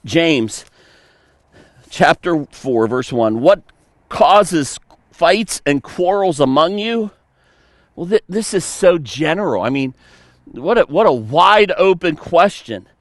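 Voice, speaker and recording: A male pastor delivering a sermon in an unhurried, deliberate way. His voice sits somewhat high and swings widely in pitch as he acts out little scenes. The sound is close and dry. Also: no room sound. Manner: animated storytelling with mock voices and laughs.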